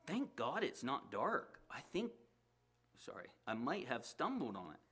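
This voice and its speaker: A man's voice: mid-range voice, huge pitch swings, unhurried, a bit bright, husky, pitched above the performer's own voice, exaggerated voice. A man voicing a fussy village woman who complains in a fretful, raised voice.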